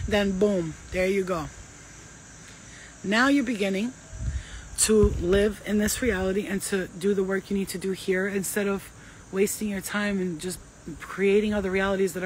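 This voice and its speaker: A woman gives spiritual advice in a casual, emphatic way, full of slang and swearing. Her voice sits at an ordinary middle pitch. A faint noise runs behind her. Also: low-quality recording. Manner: emphatic, profane, slangy and animated. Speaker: spiritual healer.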